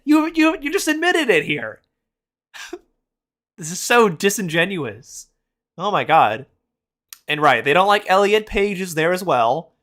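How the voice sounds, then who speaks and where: A man hosts a casual reaction chat with a bright, forceful voice that swings widely in pitch. He is blunt and mocking, swearing freely as he reacts. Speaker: host.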